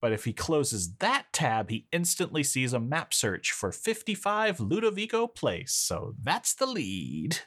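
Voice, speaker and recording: Male podcast co-host, expressive and dry-witted, recapping a film. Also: a little high, measured pace, few pauses. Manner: lively, sardonic, laughs often. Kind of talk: casual movie-recap chat.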